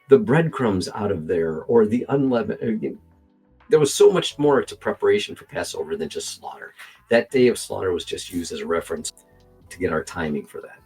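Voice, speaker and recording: A man with a gravelly, husky voice reacts to a video in casual, argumentative commentary. His tone sits dark and mellow, lively as he pushes back point by point, with faint music underneath. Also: medium pitch. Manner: animated, argumentative, talks to himself while editing.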